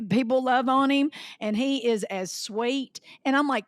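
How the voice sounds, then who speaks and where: A woman co-hosting a chat podcast, telling lively stories and acting out the people she quotes. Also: a little high, moderate pace, few pauses, no room sound, studio quality. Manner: lively storyteller who acts out quoted people. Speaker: podcast co-host. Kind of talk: casual chat.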